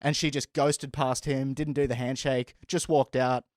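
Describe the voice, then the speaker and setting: A man and stand-up comedian telling a story in a casual, animated way, often laughing as he goes. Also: medium pitch, moderate pace, no echo.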